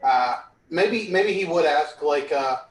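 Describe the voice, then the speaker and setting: Casting: hesitant tabletop player, slow, roomy sound, well away from the mic. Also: male voice, a little high, animated, recorded from a distance, slight background noise. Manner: hesitant, full of fillers. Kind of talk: casual game talk.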